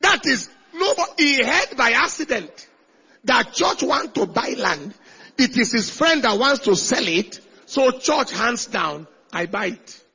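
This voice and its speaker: A male pastor preaching a sermon with emphasis, shifting between shouted lines and hushed asides. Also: very high-pitched, very animated, unhurried, slightly rough, highs cut off.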